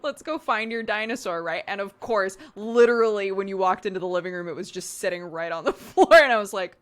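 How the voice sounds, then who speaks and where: A woman with a medium-pitched voice talks briskly as she hosts a live stream. She chats casually and frankly, laughing often and swearing now and then.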